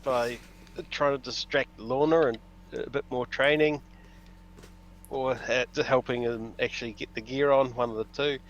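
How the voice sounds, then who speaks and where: Male player, halting casual speech, muffled low-fi mic and light background noise. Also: fairly even intonation. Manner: hesitant, many fillers. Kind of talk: casual game chat. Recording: dull lo-fi mic with faint noise.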